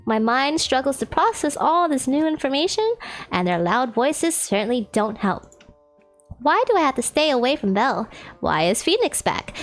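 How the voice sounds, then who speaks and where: A young American woman streaming a visual novel, reading it aloud and chatting with lots of giggles. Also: a little high. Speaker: game streamer.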